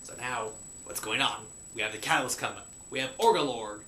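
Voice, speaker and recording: A man recapping a cartoon episode in a playful pirate persona, saying "be" for "is" and slipping into quick voices for the characters. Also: mid-range voice, fairly bright tone. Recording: echoey room with faint hiss.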